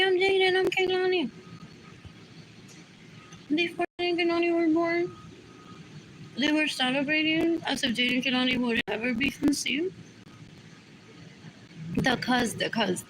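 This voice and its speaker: A higher-pitched woman rambling through a live stream from her apartment. She repeats the same short question over and over in a low mutter and drifts between English and Spanish. The recording has a steady background hiss. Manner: switches between English and Spanish mid-sentence. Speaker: livestreamer. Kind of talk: rambling livestream monologue.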